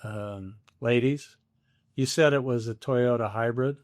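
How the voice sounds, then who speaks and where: An older man doing a quiet, hesitant security guard. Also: medium pitch, a little slow, no room sound, studio quality, natural voice. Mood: patiently amused. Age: 70s. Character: patient adult male parking lot security guard.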